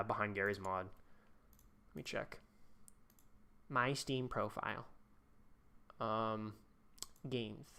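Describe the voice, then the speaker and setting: A man's voice: medium pitch, sharp tone. A young man live-streaming a game, chatting casually and rambling with lots of fillers and restarts. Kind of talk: casual gameplay commentary.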